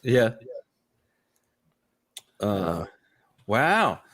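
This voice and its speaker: A man co-hosting a morning show, reading out odd news items and chatting, halting with many restarts. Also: fairly low pitch, sing-song, fairly bright tone. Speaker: radio show co-host. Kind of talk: casual morning show banter.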